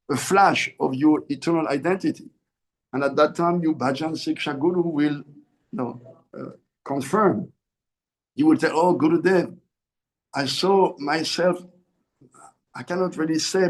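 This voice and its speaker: Earnest swami man, fairly high voice. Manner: earnest, repeats and corrects himself mid-phrase. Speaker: swami giving a spiritual discourse. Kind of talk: sermon.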